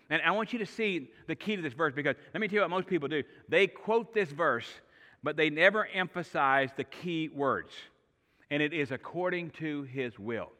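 A middle-aged man preaching a sermon as pastor, telling stories in an animated way with shifting pace and loudness. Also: a little high. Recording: long reverb of a large hall.

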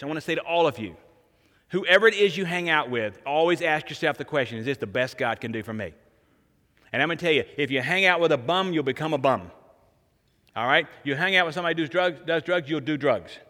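Male pastor, sermon delivery, bright ringing tone, repeats lines for emphasis, long hall reverb. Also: a little high, fast talker. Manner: animated storytelling preacher, repeats phrases for emphasis.

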